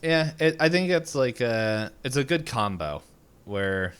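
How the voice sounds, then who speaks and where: A man's voice: medium pitch, animated, unhurried, fairly bright tone, smooth. A young man co-hosting a podcast in casual chat, rambling with many fillers and restarts. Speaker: podcast co-host.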